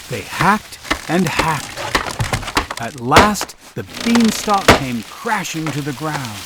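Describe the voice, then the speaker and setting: A man reading a children's story aloud, slow and expressive, in a storytelling manner. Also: a little high, heavy background noise. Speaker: narrator.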